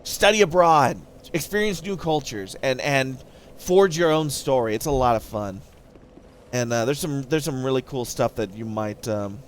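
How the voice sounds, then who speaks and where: On a live game stream, a young man with a medium-pitched, animated voice chats casually at a moderate pace. He rambles through stories and stops mid-story to thank viewers.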